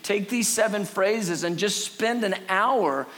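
A middle-aged man preaching a sermon on a church stage, animated and earnest, acting out little scenes for his listeners. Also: slow pace. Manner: animated, acts out a frantic crowd in a high put-on voice. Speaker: pastor. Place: church stage before a congregation.

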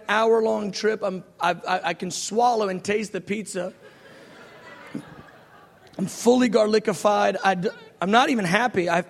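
A man preaching a storytelling sermon. He laughs and mocks himself, and he swings between loud bursts and hushed, near-whispered lines. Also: high-pitched, creaky, big-room sound. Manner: animated, laughing, self-mocking, ranging from loud to hushed.

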